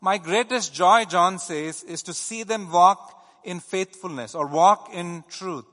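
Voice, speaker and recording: Bright-voiced preacher in a reverberant hall. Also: male voice, high-pitched, slow. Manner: teaching, steady, with frequent "uh" fillers. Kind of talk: sermon.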